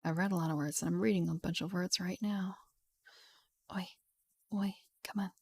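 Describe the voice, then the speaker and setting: A young woman streamer reading a game rulebook aloud at home into a studio mic, softly and half-whispered, with chatty asides. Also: on the low side, steady tone, normal speed, husky. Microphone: studio mic with pop filter.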